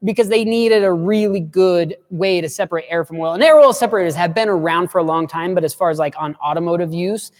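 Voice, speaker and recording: Jokey excitable dude answering viewer questions on a live stream, voice bouncing around a big echoey room. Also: male voice, high-pitched, quick pace, few pauses. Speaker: livestream co-host. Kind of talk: casual car chat answering viewer questions.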